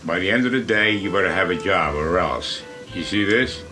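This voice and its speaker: A man doing a gruff, bullying war-vet father. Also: low-pitched, expressive, moderate pace, over music. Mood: scolding. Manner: bullying, menacing threats. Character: gruff war-veteran father, scolding, threatening.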